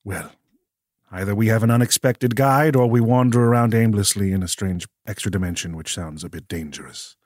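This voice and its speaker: A man's voice: on the low side, a little mellow, no room sound, studio quality. A man speaking as his character in a tabletop game, careful and a little formal. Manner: measured, careful, slightly formal. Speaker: player. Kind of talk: tabletop role-play in character.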